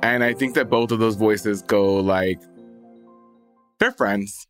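A man's voice: lowish voice, slow pace, music in the background. A man co-hosting a podcast in casual chat, playful, acting out little scenes with sound effects. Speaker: podcast co-host.

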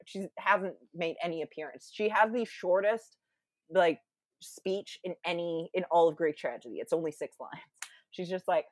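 A woman's voice: on the low side, normal speed, no echo. A young woman retelling a Greek tragedy in a casual, chatty way, with lots of fillers and little acted-out quotes.

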